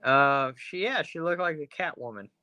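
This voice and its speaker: A man's voice: on the high side, lively intonation, moderate pace, sharp tone, no room sound. A man co-hosting a casual podcast, retelling a horror episode in a rambling, crude way. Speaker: podcast co-host.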